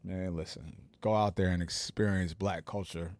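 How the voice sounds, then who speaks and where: Man, forties, from New Jersey, lowish voice, dry close sound, relaxed storytelling, podcast guest. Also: moderate pace, no echo. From Plainfield, New Jersey. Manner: relaxed storytelling with many fillers. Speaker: radio personality guest. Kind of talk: casual podcast interview.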